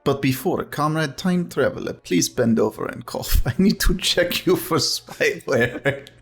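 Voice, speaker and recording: A man voicing a stern male Soviet dictator with a put-on Russian accent, reading game dialogue aloud in a slow, pompous, lecturing way. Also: on the high side, creaky, breathy edge, faint music behind, heavily acted. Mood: sly.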